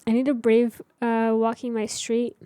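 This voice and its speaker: A woman's voice: on the high side, little pitch movement, a little slow, mellow, clean tone, no room sound. Chatty young woman streamer, dry sound. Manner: chatty, rambling, answers chat. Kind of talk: casual chat while building in a game.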